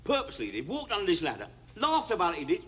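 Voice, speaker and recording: An actor playing a cheeky, sardonic prison inmate in a 1970s sitcom. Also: male voice, high-pitched, huge pitch swings, rapid-fire, a bit bright, slightly rough, heavily acted. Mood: wry. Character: wisecracking cocky male prison inmate.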